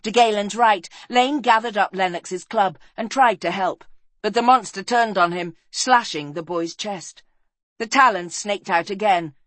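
A woman narrates a fantasy adventure with dramatic storybook expression. Her voice sits at an ordinary middle pitch and sinks low and quiet for the sorrowful moments. The recording is close and dry. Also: a little slow, no room sound. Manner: expressive, drops low and soft for sad passages.

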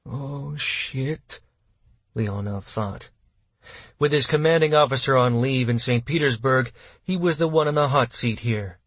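A man reading an audiobook in steady, measured scripted narration, close to the mic. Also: medium pitch, no echo.

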